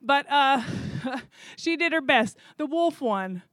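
A woman who coordinates zoo volunteers, telling a story in a chatty, animated way with fillers. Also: sits high, slow pace, no echo. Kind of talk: casual storytelling.

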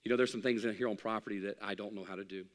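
A man's voice: on the low side, fairly even intonation, rapid-fire. Male pastor, folksy humorous sermon, emphatic build-ups, long church reverb. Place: church sanctuary.

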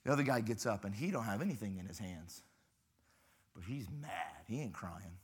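A man's voice: fairly low pitch, animated, moderate pace, slightly rough. A man, a pastor preaching at a youth rally with playful, dramatic storytelling.

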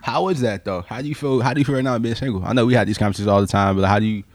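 A man's voice: fairly low pitch, racing, no echo. A man hosting a podcast, teasing and blunt in casual chat. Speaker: podcast host.

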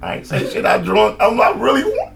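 A man telling a story to friends in casual chat, animated and laughing, acting out quotes. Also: very high-pitched, a little fast, vocal fry, over loud music. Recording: noisy room recording.

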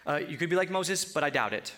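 A man from Colorado preaching with a high, bright voice. His sermon is loose and conversational, full of jokes and asides between scripture readings. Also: lively intonation, fast talker. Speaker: pastor.

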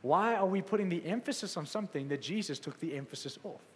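A man's voice: high-pitched, animated, fast talker, a little hiss or hum. Fervent preacher man in a reverberant hall. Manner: passionate, rising to exclamations then dropping soft. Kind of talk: sermon.

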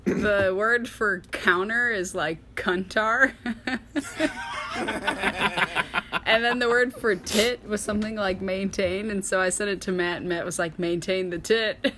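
A woman talking casually on a podcast, rambling a little and dropping dry, sarcastic asides, often laughing through her words. Her pitch sits in the middle of the range. A faint hiss of noise runs under the recording. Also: steady tone, unhurried, long pauses, a bit bright. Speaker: podcast co-host. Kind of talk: casual chat.

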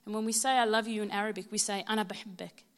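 A woman's voice: mid-range voice, steady tone, racing. Heartfelt Australian woman in her thirties. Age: 30s. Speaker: mother giving a church testimony. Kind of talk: prepared personal testimony speech.

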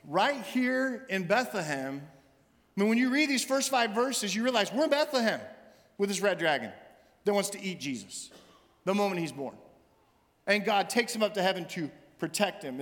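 A man, the senior minister, preaching a sermon in a church sanctuary and telling a story with animated quoted voices. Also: high-pitched, normal speed. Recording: long hall reverb, faint music.

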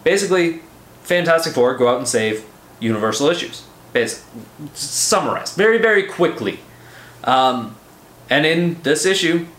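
A man hosting a casual comic book review podcast, excitable and profane, rambling with lots of fillers. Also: medium pitch, echoey room.

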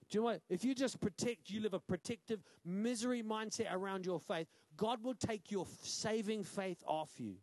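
A male pastor with a New Zealand accent preaching a sermon, punchy and quick to quiz the congregation with "right?". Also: sits high, darkish tone, no echo. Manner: punchy, asks the crowd "right?" often.

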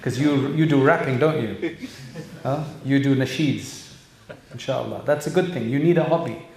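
A man's voice: medium pitch, moderate pace, darkish tone. Earnest man in an echoey hall. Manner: earnest, direct, many rhetorical questions. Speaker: Islamic speaker addressing youth and parents. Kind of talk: religious talk to young people. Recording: echoey room.

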